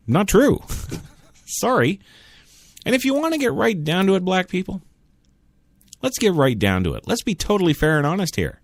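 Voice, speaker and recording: A man holds forth alone on his talk radio show, sarcastic and opinionated. His pitch leaps up and down with a lot of life. The sound is dry and close, right on a studio mic. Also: wildly swooping pitch, normal speed, pauses often, no room sound. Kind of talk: solo talk radio monologue.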